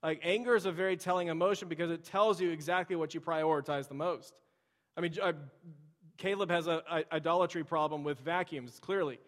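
Male pastor, 30s, conversational sermon delivery, slightly high voice, large reverberant church. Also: fairly quick, fairly bright tone. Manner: conversational, storytelling, addresses the congregation directly. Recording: long reverb of a large hall.

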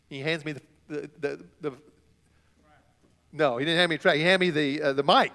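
A man preaching a sermon as a student pastor, telling stories with big swings between quiet and loud. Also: high voice, lively intonation, brisk. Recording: long hall reverb.

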